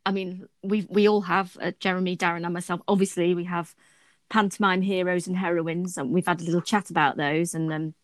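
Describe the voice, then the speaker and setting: A woman's voice: on the low side, steady tone, fairly quick, dry recording. A woman interviewer asking a question in a chatty way, laughing as she talks.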